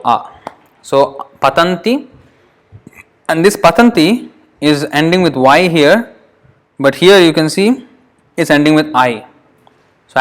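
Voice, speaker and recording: A man's voice: a little high, fairly bright tone. Patient man teaching verse pronunciation. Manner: patient, repeats words slowly to demonstrate pronunciation; halting, with fillers and self-corrections. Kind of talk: classroom lesson.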